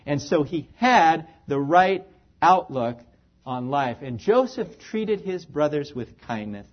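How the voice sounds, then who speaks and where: A man's voice: a little high, expressive, slow pace, dull audio. A man preaching a sermon in an earnest, emphatic way, letting his phrases fall away at the ends.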